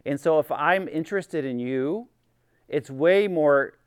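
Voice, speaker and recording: A man's voice: a little high, unhurried, clean tone, no room sound. A middle-aged man giving an informal teaching talk to a group. He acts out little quotes and keeps checking in with "right?". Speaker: workshop speaker, former chaplain.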